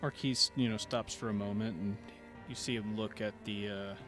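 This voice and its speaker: Male game master, mid pitch, halting narration, faint music behind. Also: fairly even intonation. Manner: hesitant narration with frequent "uh"s.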